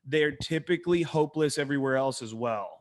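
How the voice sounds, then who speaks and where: Man, dating coach, fairly high voice, lively and profane, drops to a murmur for quoted lines. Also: quick pace. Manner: animated storyteller, acts out quotes in a hushed voice; profane, emphatic. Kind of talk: casual podcast chat.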